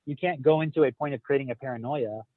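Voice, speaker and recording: This podcast co-host, a man in his thirties, rings in while driving and chats loosely with the group, cursing freely as he rambles. He's a quick talker with a medium-pitched voice, heard dry through tinny phone audio.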